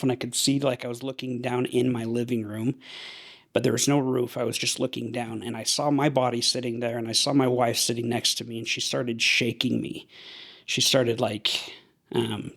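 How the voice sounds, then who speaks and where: With a medium-pitched, gravelly voice that carries a fairly bright tone, a young podcast guest from Idaho earnestly tells his own story, stumbling and beginning again often.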